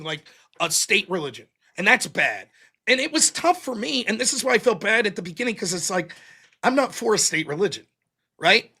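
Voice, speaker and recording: A man hosts a debate show and recaps the debate with heat and plenty of swearing. His pitch leaps all over as he talks. His tone is bright and forceful. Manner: animated, profane, quotes opponents in mocking voices. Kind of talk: heated post-debate recap.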